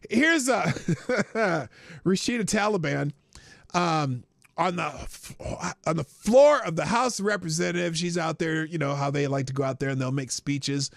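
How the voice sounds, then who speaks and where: Man, show host, sarcastic animated rant, high gravelly voice, dry close sound. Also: measured pace, dry recording. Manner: sarcastic, laughing, animated rants with restarts. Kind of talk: casual political commentary show.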